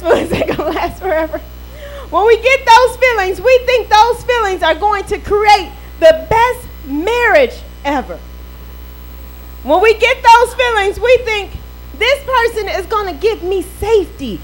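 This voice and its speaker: A woman pastor with a very high voice delivers a sermon. She is playful, acts out little quoted voices and laughs often as she preaches. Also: rough recording.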